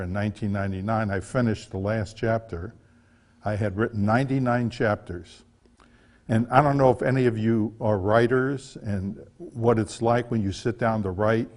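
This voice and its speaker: An older man spins a relaxed, folksy tale in a fairly low voice. He talks in a chatty way, with small restarts as he goes. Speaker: author giving a talk. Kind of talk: casual storytelling talk.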